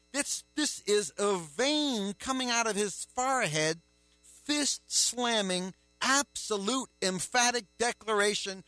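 A man preaching a sermon, emphatic, with rhetorical questions and a forceful delivery. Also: sits high, dry recording.

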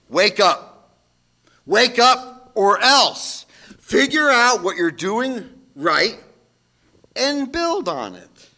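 A man preaching a sermon as pastor, moving between loud shouted calls and quiet asides. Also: high voice.

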